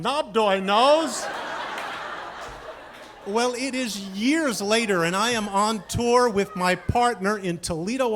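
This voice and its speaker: A male storyteller with a notably high voice performs a comic personal tale. He is animated and self-mocking. He drops to near-whispers and then rises to shouted punchlines. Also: a little hiss or hum.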